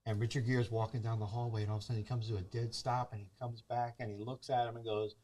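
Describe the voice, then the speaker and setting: Male movie reviewer, casual talk-show chat, animated storyteller who acts out the quotes. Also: mid-range voice, fast, hardly any pauses. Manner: animated storyteller acting out characters' lines.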